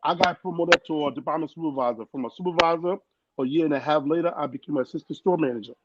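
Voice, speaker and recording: A young man with a foreign accent tells his story on a podcast, earnest and animated, acting out the people he quotes. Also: a little high, quick pace. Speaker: guest. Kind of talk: casual storytelling. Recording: dull lo-fi sound with loud noise.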